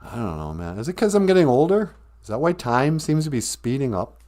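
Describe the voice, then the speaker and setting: A man in his fifties with a Minnesotan accent hosts a casual comedy podcast. He talks playfully, laughs easily and stretches words out. His pitch moves around freely. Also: sing-song, dark tone. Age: 50s. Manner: playful, laughing, drawls phrases out slowly. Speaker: podcast host.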